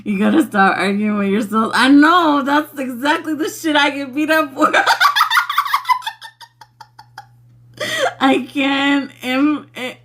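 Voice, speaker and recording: A woman's voice: high-pitched, moderate pace, few pauses, fairly bright tone. A young adult woman hosting a spiritual livestream, chatting casually with viewers, laughing constantly and swearing freely. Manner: laughs constantly, giggly and profane.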